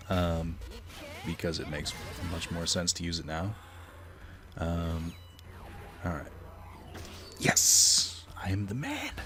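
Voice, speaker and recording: Low-voiced man rambling over gameplay. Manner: rambling with fillers and swearing. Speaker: let's player. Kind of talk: casual gameplay commentary.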